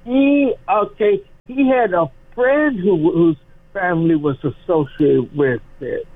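A man calling in as a guest who talks haltingly and hesitantly. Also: high voice, no room sound. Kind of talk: casual chat. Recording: dry, tinny phone line.

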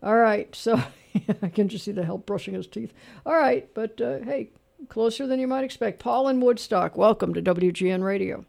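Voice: mid-range voice, normal speed, vocal fry, darkish tone. A radio talk show host running a call-in trivia quiz, chatty, chuckling and full of fillers. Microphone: studio microphone.

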